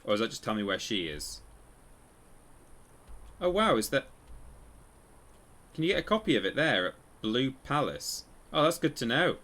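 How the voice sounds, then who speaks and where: A man's voice: medium pitch, sing-song, normal speed, pauses often, a bit bright. A man casually commenting while he plays a game on a live stream, rambling and correcting himself as he tells stories. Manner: rambling, self-correcting storyteller.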